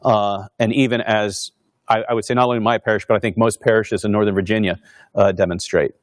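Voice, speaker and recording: A man's voice: fairly low pitch, steady tone, brisk, no room sound, studio quality. A man, a pastor, giving an informal lecture in a conversational way, with many fillers and restarts. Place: Northern Virginia parish pastor speaking at a university.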